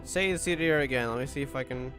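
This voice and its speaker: A man reacting to a game and reading its translated text aloud in a casual way. He chuckles, thinks out loud and stops to puzzle over the translations. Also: mid-range voice, fast, over music.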